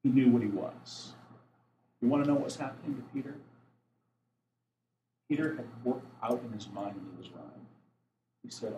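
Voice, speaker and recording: A medium-pitched man preaches a sermon as pastor at a moderate pace, pausing often, speaking plainly and asking the congregation questions. He grows louder and more urgent toward the end. The recording is echoey with a distant mic and slight background noise.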